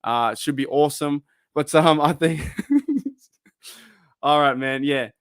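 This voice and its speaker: Live-stream host, Australian man, slightly high voice, loose rambling delivery, dry close mic. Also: steady tone, slow, a bit bright, clear, resonant tone, no room sound. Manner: rambling, laughs often, trails off and restarts. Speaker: fan channel host. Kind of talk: casual live-stream chat.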